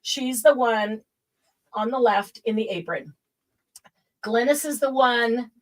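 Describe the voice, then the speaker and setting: A woman hosting a casual craft livestream at home, chatty and quick to laugh as she greets viewers by name. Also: on the high side, poor audio.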